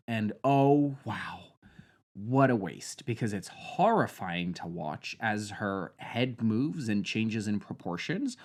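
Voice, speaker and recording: A young man reviewing a film with sarcasm, trailing off into deadpan mutters and jumping to loud, high outbursts. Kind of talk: sarcastic movie commentary.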